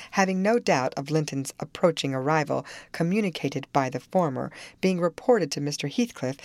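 A woman narrating a classic novel in an expressive storytelling manner. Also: low voice, dry recording. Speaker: audiobook narrator.

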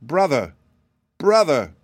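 A man's voice: medium pitch, moderate pace, dry recording, clean studio sound, close to an everyday voice. A man voicing an anxious, devoted grown man who is searching for his lost brother. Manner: anxious, pleading.

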